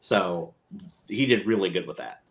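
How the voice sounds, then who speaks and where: A man chatting casually on a podcast, rambling and animated, acting out quotes as he talks. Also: low voice, moderate pace. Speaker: podcast co-host. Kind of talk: casual chat.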